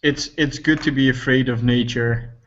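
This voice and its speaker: A man voicing solemn wild ranger, monotone, muffled recording. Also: mid-range voice, moderate pace, lightly acted.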